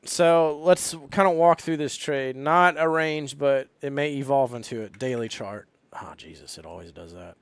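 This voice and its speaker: A man's voice: mid-range voice, normal speed, hardly any pauses, clean tone, no room sound. Swearing casual man, dry close sound. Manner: profane, rambling, frequent fillers. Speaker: trading live streamer. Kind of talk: casual live stream chat.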